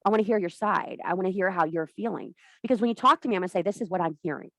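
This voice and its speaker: Speaking very fast in a medium-pitched, fairly bright voice with no echo, a woman preaches emphatically to a women's circle. As a spiritual teacher, she's impassioned, blunt and profane.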